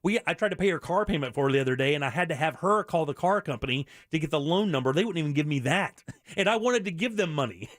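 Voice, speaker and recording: A man's voice: fairly high pitch, expressive, fast talker, a bit bright, dry recording, studio quality. A middle-aged man hosting a radio show, talking earnestly and bluntly with many restarts. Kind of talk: candid talk radio monologue.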